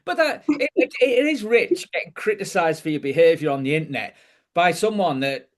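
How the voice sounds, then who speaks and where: A man's voice: on the high side, expressive, normal speed. A man co-hosting a podcast, chatting in a supportive, rambling way with many restarts. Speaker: podcast co-host. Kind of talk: casual chat.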